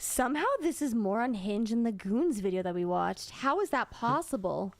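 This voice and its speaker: A woman chatting casually with friends during a live reaction stream, excitable and quick with exclamations. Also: fairly high pitch. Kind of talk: casual group chat.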